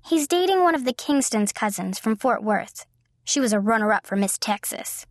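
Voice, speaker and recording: A woman's voice: on the high side, expressive, normal speed, no room sound. A woman reading the lines of a sweet-natured, teasing widowed mother in middle age. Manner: gentle, teasing.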